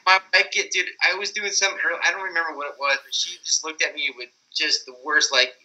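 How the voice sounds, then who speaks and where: A man's voice: a little high, fairly even intonation, quick pace, sharp tone, rough recording. A man chatting on a podcast about motocross, joking, rambling and swearing a lot. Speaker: podcast guest, freestyle motocross rider. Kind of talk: casual profane banter.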